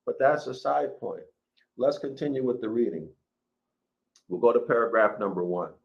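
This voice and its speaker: A man lecturing, reading scripture aloud and commenting on it in an emphatic, deliberate way, calling his listeners "y'all", with a voice that is giving him trouble. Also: medium pitch, lively intonation, creaky. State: voice troubled, needs water. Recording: dull lo-fi recording.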